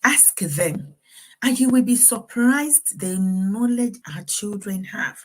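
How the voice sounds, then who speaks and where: A middle-aged woman with a medium-pitched, darkish voice speaks slowly as she offers earnest, faith-based parenting advice. She laughs often along the way.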